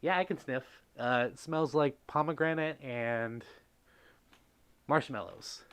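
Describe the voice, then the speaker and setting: A man's voice: mid-range voice, slow pace, a bit bright, smooth. A man hosting a casual live stream, reading chat comments aloud and reacting in an effusive, gushing way. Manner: gushing, effusive, exclaims often.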